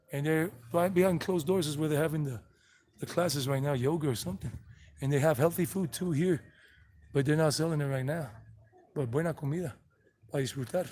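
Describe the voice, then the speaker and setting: A man narrates a casual walking tour outdoors, his voice pitched on the high side. He chats freely to the camera with easy humor. Faint traffic hums in the background. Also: mellow. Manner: chatty, switches to Spanish with locals, laughs easily. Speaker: travel vlogger and tour host. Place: outdoors on a town street.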